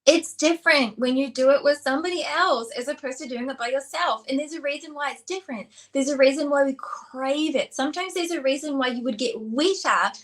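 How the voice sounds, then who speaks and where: A woman's voice: high voice, a little fast, hardly any pauses. A woman co-hosting a relationship talk show, chatting casually with many fillers and acting out little quotes. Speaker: co-host, relationship expert. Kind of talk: casual chat.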